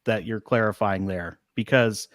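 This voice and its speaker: A man's voice: lowish voice, a little slow, dry recording, studio quality. A man on a video call speaking earnestly about faith, in a preaching tone.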